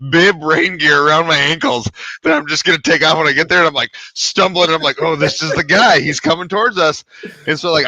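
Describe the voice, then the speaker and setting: A man's voice: on the high side, dry recording, rough recording. A man casually telling a rowdy story, swearing freely and acting out the other people in it. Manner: animated, swearing, acts out quoted voices. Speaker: podcast co-host.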